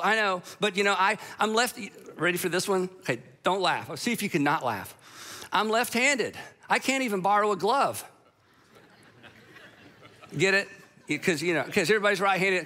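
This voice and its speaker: A middle-aged man preaching a sermon, telling a personal story with humor and a lively delivery. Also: high-pitched.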